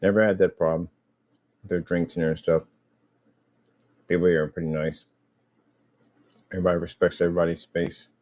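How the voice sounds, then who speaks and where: Man, casual vlog, rambling, talks to his pet, mellow tone, office room. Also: deep voice, flat delivery, fairly quick, long pauses. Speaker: vlogger.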